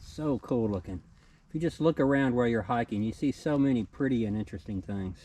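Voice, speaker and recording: A middle-aged man with a Southern US accent narrates his hike in an easygoing, cheerful way, recorded on camera outdoors on a forest trail. His voice is mellow and relaxed, and a faint hum of the woods sits behind him. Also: mid-range voice, brisk, rough recording. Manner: easygoing, enthusiastic about small finds. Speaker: hiking vlogger.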